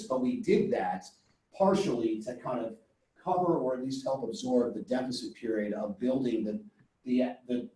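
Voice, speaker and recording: A man's voice: medium pitch, darkish tone. A man answering a judge's question about his business over a video call, thoughtful and full of business jargon. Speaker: company founder answering a judge. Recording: very echoey room, far from the mic.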